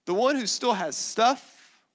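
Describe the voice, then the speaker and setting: A man's voice: extremely high pitch, lively intonation, slow. A male pastor preaching a sermon in a conversational way, with asides to the congregation.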